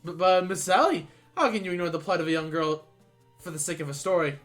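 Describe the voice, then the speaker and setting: A man voicing a pompous, gallant gentleman inspector who speaks in grand, old-fashioned phrases, reading game dialogue aloud. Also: fairly high pitch, brisk, faint music behind, lightly acted.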